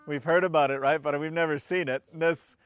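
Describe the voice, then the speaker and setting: A man's voice: fairly high pitch, steady tone, a little fast, a bit bright. A man, a pastor, preaching a conversational sermon and reading scripture aloud, often restarting his words and asking the congregation questions.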